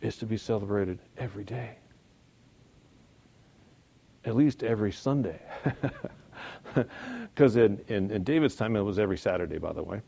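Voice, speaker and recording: A man teaching a Sunday school Bible lesson in a conversational, folksy way, slowing down and building up for emphasis. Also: on the low side, vocal fry, warm tone, breathy edge. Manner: conversational, folksy, chuckles at own points.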